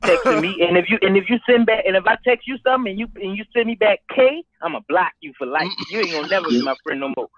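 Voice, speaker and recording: A man co-hosting a casual podcast, ranting in an animated, profane way with lots of repeated fillers. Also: sits high, fast, hardly any pauses. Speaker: co-host. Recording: muffled with loud crowd noise.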